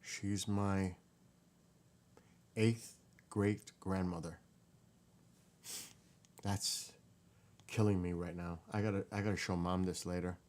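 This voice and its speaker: A man's voice: deep voice, slow, pauses often. A man vlogging casually and emotionally, muttering and exclaiming as he reads. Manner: emotional, excited, muttering while reading. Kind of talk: casual vlog, researching family tree.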